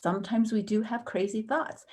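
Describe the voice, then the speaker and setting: Animated woman teaching with pitch leaps. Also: normal speed. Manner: animated, acts out inner thoughts with big pitch jumps. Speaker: Christian counselor teaching a course module. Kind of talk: conversational teaching.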